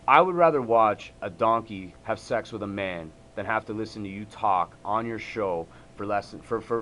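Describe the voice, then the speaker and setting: A man's voice: lowish voice, a bit bright, a little hiss or hum. Heated man ranting straight to camera. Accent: Canadian. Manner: heated, repetitive, stumbling restarts. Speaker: MMA store owner and vlogger. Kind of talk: angry direct-to-camera rant.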